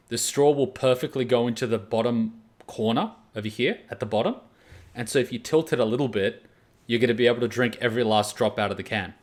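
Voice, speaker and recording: A man from Australia, hosting an anime reaction video and chatting casually with jokey, animated storytelling. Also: medium pitch. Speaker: anime reaction channel host.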